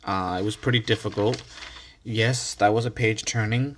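A man's voice: lowish voice, steady tone, moderate pace, a little hiss or hum. A man hosting his own podcast in a casual, rambling solo monologue, restarting words and swearing freely, hyped up on coffee. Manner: laid-back, swears casually. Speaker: podcast host.

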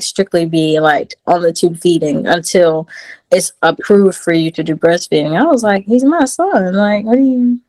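A woman in her thirties tells her story with lively energy. She jumps up in pitch to act out quotes, then drops back to a casual, chatty voice. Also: poor audio. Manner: animated, acts out quotes in a high voice. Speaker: guest.

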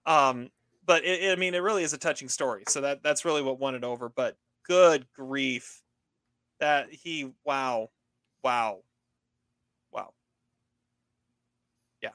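Bright-voiced man reviewing films. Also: mid-range voice, normal speed, pauses often, dry recording. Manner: rambling, many fillers and restarts. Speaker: podcast co-host reviewing films. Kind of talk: casual chat.

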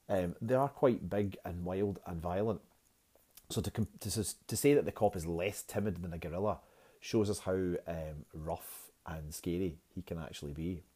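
A man talks through a poem like a teacher in a lesson, chatty and joking at his own slips. His voice sits low and sounds mellow and relaxed. He fills gaps with "um" and talks on easily. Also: slightly rough. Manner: chatty and self-mocking, with fillers. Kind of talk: poetry lesson.

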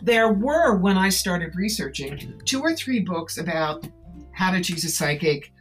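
A psychic and tarot-reading author talks in an interview with an animated, persuasive storytelling drive. Her voice sits very low for a woman. She leans hard on her key words. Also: a little slow, soft background music. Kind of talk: interview conversation.

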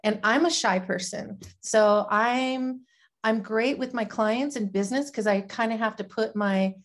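A woman's voice: fairly high pitch, measured pace. A woman guest in a casual interview, talking about her small business in a plain, matter-of-fact way.

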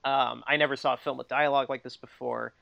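A man in his thirties chats casually on a podcast, wandering through his points with constant fillers and easy laughs. His voice carries a rough, gravelly fry. The recording sounds dull and lo-fi, with a dry and close sound. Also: mid-range voice, fairly even intonation, fast, pushed and bright, dry recording. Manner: rambling, full of "like" and laughs. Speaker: podcast co-host. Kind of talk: casual chat.

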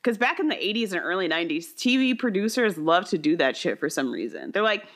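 A woman from Minnesota co-hosting a podcast in casual chat, animated and swearing, laughing often and jumping up high when quoting people. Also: quick pace, hardly any pauses. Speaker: podcast co-host.

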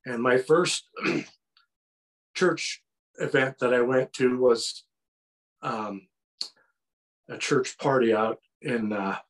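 A man from Oregon, a podcast guest, telling his life story in a halting way and clearing his throat. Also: medium pitch, poor audio. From Oregon, USA.

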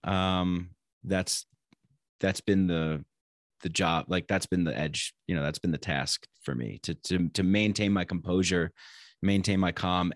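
A man talking as a podcast guest in casual conversation, reflective and halting, often repeating words as he thinks aloud. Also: low-pitched, dry recording, clean studio sound.

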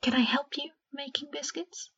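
A woman voicing an upset young schoolgirl who pleads sweetly in a breathy, half-whispered voice. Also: a little high, normal speed, a little mellow, lo-fi sound. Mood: pleading.

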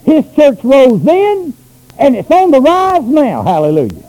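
Man, pastor, sermon, very high voice, lively swinging delivery. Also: a little slow, low-quality recording. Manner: preaching with rising shouts and dropping to low asides.

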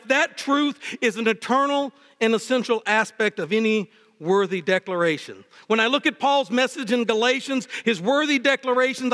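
A man preaching a sermon as pastor, with impassioned delivery that swings between fervent highs and low, emphatic lines. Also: bright, forceful tone. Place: church sanctuary. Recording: long reverb of a church hall. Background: hall reverb.

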